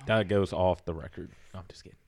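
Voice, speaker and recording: A young man with a low, deep voice and a blunt, crude sense of humor, swearing freely. He chats casually with friends during a party game. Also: steady tone, fast talker. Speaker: game player. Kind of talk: casual drinking-game chat.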